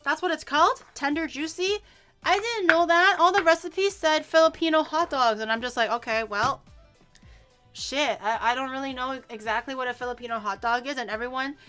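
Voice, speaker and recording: A woman streamer with a crisp, bright voice set a touch high talks loosely while she cooks, swearing casually and joking at her own expense. Faint music sits behind her in a home kitchen. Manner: animated, quick to laugh, swears casually, self-mocking. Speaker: VTuber streamer. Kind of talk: casual cooking livestream chat.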